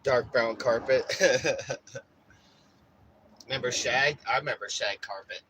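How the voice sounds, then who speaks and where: A man chatting casually in a vlog from inside his RV, rambling and swearing, getting animated when he acts out stories. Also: mid-range voice, slow pace, a little hiss or hum, rough recording. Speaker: vlogger. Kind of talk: casual chat.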